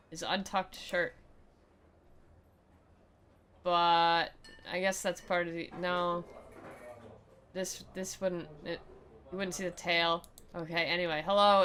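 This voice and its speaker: A woman's voice: on the low side, a bit bright, slight background noise. A young woman streaming a dramatic reading of a visual novel, mixing narration with sarcastic jokes and replies to chat. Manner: sarcastic, joking running commentary.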